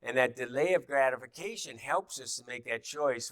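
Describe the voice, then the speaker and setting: A man's voice: medium pitch, moderate pace, hardly any pauses, a bit bright, no room sound. A middle-aged man teaching a class in an easy, conversational way, with many fillers and restarts and little acted-out quotes.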